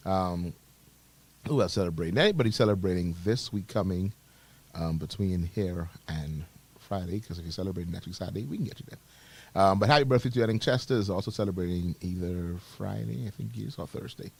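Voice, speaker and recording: A Bahamian man co-hosting a morning radio show in casual chat, teasing and giving jokey shout-outs. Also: sits low, lively intonation, a little fast, gravelly, breathy edge. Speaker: radio co-host. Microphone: studio microphone.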